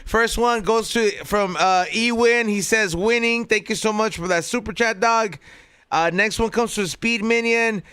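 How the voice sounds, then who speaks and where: A man's voice: high voice, a little slow, sharp tone, smooth, no room sound. A man hosting a podcast who reads out viewer messages, slangy and laid-back, ending lines with "dog". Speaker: podcast host. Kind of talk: casual chat, reading super chats.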